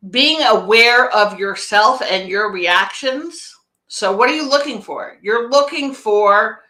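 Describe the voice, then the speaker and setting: A woman's voice: mid-range voice, bright, forceful tone. A woman business coach talking casually on a live stream, rambling and emphatic, often restarting her sentences. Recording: echoey room.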